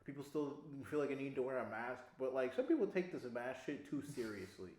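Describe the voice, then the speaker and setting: Animated young man telling a story. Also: mid-range voice, a little fast. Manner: animated, laughs often, swears casually. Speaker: podcast co-host. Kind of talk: casual storytelling chat. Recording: echoey room.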